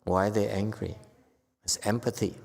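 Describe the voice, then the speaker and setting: A man giving a casual Buddhist talk to a group, with loud bursts when he acts out quoted lines. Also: fairly low pitch, steady tone, normal speed, vocal fry, big-room sound, faint music behind. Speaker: Buddhist teacher. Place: temple hall.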